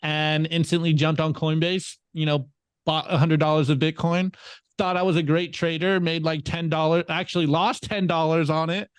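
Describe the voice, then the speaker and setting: A man's voice: fairly high pitch, moderate pace, clean tone, no room sound. Profane, rambling man from California. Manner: profane, rambling, animated storytelling. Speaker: guest. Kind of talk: casual interview storytelling.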